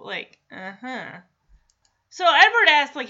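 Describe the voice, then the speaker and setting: Woman, higher voice, casual recap chat, lots of "like", dull lo-fi sound. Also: expressive, unhurried, sharp tone. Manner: chatty retelling, frequent "like", light laughs. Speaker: podcast host recapping a TV episode.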